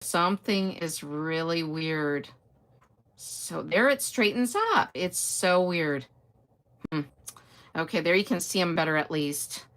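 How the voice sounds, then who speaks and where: Chatty older woman with a lowish voice. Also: slow pace, fairly bright tone. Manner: chatty, greets viewers and answers comments. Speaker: host. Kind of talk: casual live-stream chat.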